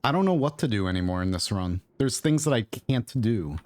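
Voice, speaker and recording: A man's voice: medium pitch, lively intonation, fairly quick, darkish tone, dry recording. A man streaming a game, talking casually and thinking aloud as he plays, rambling with mutters and asides. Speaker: gaming streamer. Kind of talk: casual gameplay commentary. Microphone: own microphone at desk.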